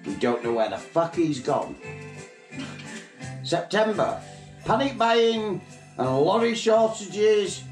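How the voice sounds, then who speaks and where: A man putting on a high falsetto voice to play an elderly, crude queen giving a mock-regal, sweary speech. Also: roomy sound. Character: elderly queen, plummy and crude, mocking the year.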